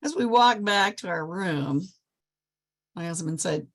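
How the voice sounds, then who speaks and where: A woman's voice: lowish voice, a little slow, long pauses. An older woman from Nebraska, a past president of a service club, giving an enthusiastic motivational speech over a video call. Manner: lively, enthusiastic storyteller.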